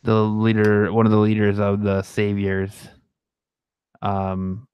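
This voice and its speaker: A man's voice: on the low side, monotone, slow, clean tone, no echo, muffled recording. A man co-hosting a fan podcast, talking casually and rambling with many restarts and fillers. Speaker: podcast co-host.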